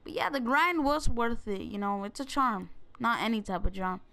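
A young woman giving casual, excitable gameplay commentary, joking and talking straight to her viewers. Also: a little high, normal speed, vocal fry. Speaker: gaming video creator.

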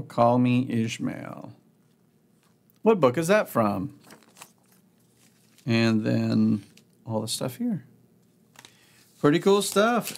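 Chatty man unboxing a board game. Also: medium pitch. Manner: chatty, upbeat, thinking aloud. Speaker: board game channel host. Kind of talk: casual unboxing commentary.

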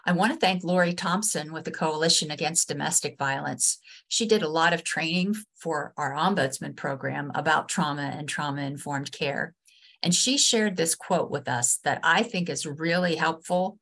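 A woman trainer with a West Virginian accent giving a webinar lesson over a video call, earnest and halting, with many restarts and fillers. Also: deep voice, a bit bright. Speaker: state ombudsman and trainer.

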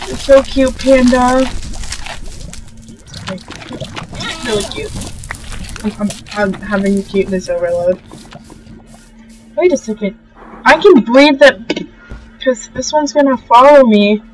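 A young woman hosting a casual let's-play, gushing and excitable as she talks to the animals in the game. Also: high voice, rough recording. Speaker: gaming channel host. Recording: faint game music behind.

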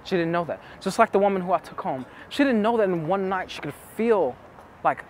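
A man's voice: sits high, animated, a little fast, a little hiss or hum. A man coaching on dating, telling stories to camera in an earnest, intimate way, repeating phrases for emphasis. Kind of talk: casual storytelling to camera.

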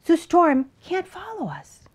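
A woman's voice: very high voice, huge pitch swings, takes it slowly, voice pushed up, heavily acted. A woman voicing a brave, bossy male farm dog who talks in a barking, commanding way for a children's storybook.

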